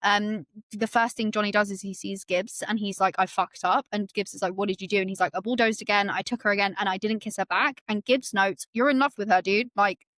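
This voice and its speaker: A woman's voice: medium pitch, steady tone, a little fast, few pauses, a bit bright, no room sound. A woman hosting a book podcast, retelling the story in casual chat and acting out the quotes with many fillers.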